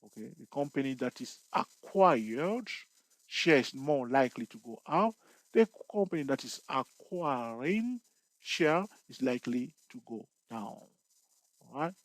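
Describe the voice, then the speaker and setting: A man's voice: mid-range voice, very animated, unhurried, dry recording, rough recording. A man with a mid-range voice teaching an investing lesson, recorded close and dry with no room sound. He explains step by step in loose, restarting phrases, and keeps checking in with his viewers with "okay?" and "all right?". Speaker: trading instructor. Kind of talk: explaining over a chart.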